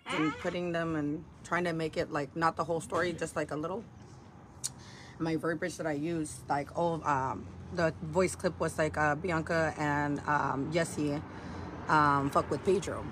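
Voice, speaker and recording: A woman's voice: sits low, fairly even intonation, unhurried. A woman livestreaming, meandering through her story with lots of fillers and swearing. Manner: meandering, heavy fillers and profanity. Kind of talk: rambling livestream talk. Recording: livestream clip with vehicle noise.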